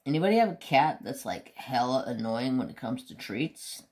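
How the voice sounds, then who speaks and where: A man's voice: mid-range voice, expressive, moderate pace, darkish tone, slight background noise. A man chatting casually to his viewers as a craft vlogger, rambling about his pets and swearing offhandedly.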